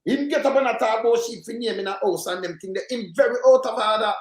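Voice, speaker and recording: A man's voice: very high-pitched, quick pace. A Jamaican man hosting a casual political commentary show, rambling and emphatic in heavy patois. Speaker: host. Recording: echoey room.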